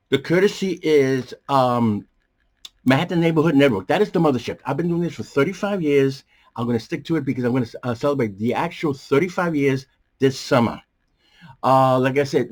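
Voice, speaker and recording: A man hosting a movie review show from a small bedroom studio, talking in a rambling, animated way with many fillers and a strained, coughing voice. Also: mid-range voice. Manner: animated, jumps around, many fillers and restarts. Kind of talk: casual rambling commentary.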